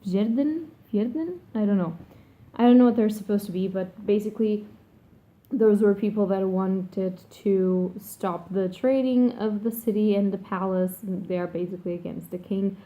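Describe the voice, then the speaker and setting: A woman's voice: mid-range voice, steady tone, moderate pace, mellow. A woman vlogger chatting casually about a book she is reading, rambling and swearing freely. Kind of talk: casual vlog chat. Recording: tinny phone-like sound.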